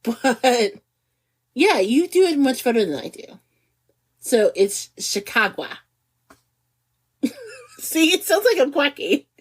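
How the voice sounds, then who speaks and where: A middle-aged woman co-hosting a podcast in casual chat, animated and giggly, stretching words for emphasis. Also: high-pitched, a little slow. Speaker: podcast co-host.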